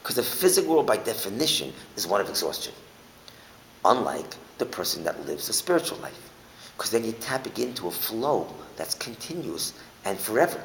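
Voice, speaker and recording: Man, Torah teacher, lecture, rhetorical questions, gravelly, long hall echo. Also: on the low side, moderate pace. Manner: animated, asks rhetorical questions and restates points. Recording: echoey hall with faint hiss.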